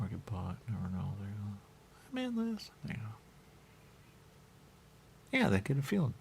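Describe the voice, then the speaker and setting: Man, low gravelly voice, husky, rambling playful host, lively sing-song pitch. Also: a little fast, long pauses. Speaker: radio show host. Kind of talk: rambling solo talk.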